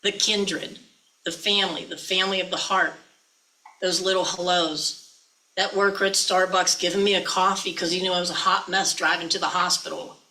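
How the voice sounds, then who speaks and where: A woman's voice: on the low side, fairly even intonation, normal speed, sharp tone, rough recording. A woman minister giving a chatty, folksy sermon, often teasing her listeners.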